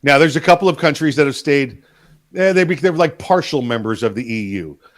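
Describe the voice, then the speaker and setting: A man's voice: fairly high pitch, lively intonation, brisk. A man co-hosting a political talk show, chatty and jokey, often trailing into fillers. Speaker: co-host.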